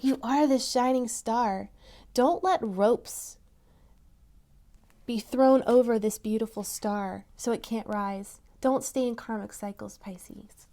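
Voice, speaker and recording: This tarot reader's voice is a little high and she talks at a slow pace while doing a reading for her audience. She sounds encouraging and softly insistent, with occasional excited exclamations.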